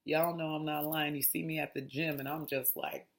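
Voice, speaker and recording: Gravelly woman chatting through a mindfulness talk. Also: deep voice, steady tone, normal speed. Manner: chatty and digressive, restarts while reading. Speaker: host. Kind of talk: casual mindfulness talk, reading aloud.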